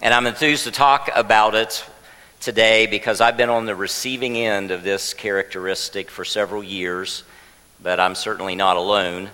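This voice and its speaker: A pastor preaches in a church sanctuary, teaching warmly with light jokes and having the congregation repeat a word with him. His lowish, smooth voice keeps a steady tone at normal speed. The rough recording has a big-room sound.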